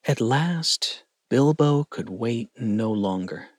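A man narrates a storybook with a lively, rising and falling delivery. He takes his time over each line, his voice a little husky. The sound is dry and close. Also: mid-range voice, takes it slowly, no echo. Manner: expressive, lingering storytelling. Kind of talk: storybook reading.

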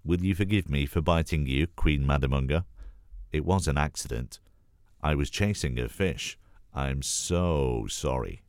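A man's voice: very deep voice, measured pace, a little mellow, dry recording, studio quality. A man voicing a nervous, guilty male crocodile in a storybook reading. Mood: apologetic. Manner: anxious, apologetic.

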